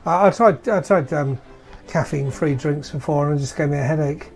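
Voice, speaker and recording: Rambling British man, higher voice. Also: fairly quick, gravelly, a little mellow, soft background music. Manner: rambling, self-mocking storyteller. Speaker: player. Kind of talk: casual anecdote-telling chat.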